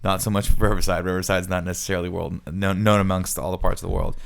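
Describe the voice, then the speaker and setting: A young man from Southern California, co-hosting a casual podcast chat in quick, chatty bursts. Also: deep voice, flat delivery, creaky. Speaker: podcast co-host.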